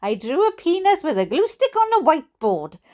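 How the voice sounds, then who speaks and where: A woman's voice: sits high, big pitch swings, normal speed, darkish tone. A Welsh woman reading funny stories aloud, with chatty, giggly, mock-indignant asides. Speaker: storyteller reading viewer stories.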